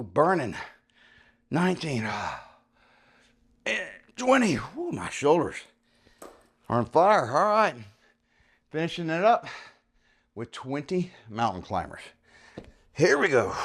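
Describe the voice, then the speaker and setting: Casual, upbeat male fitness coach in his fifties, medium pitch, counts reps and explains as he goes. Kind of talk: home workout vlog with instruction.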